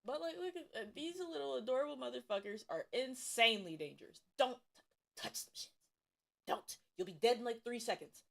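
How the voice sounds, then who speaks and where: A woman's voice: fairly high pitch, animated, fast talker, vocal fry, few pauses. A woman from Ohio chatting casually on a stream, swearing freely and repeating emphatic warnings. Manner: profane, emphatic, repetitive warnings. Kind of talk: casual livestream chat.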